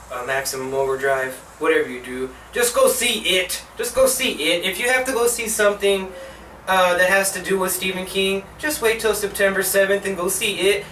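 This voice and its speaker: A man's voice: high-pitched, sharp tone, slight background noise. A young man hosting his own show, giving a profane, rambling movie review full of "like" and exasperated outbursts. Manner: profane, rambling, heavy use of "like". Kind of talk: casual ranting movie review. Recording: roomy echo, mic at a distance.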